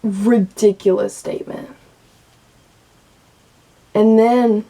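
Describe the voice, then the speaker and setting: A woman's voice: fairly high pitch, unhurried, dark tone. A young woman in her late teens, venting candidly and emotionally to camera and swearing freely. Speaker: vlogger.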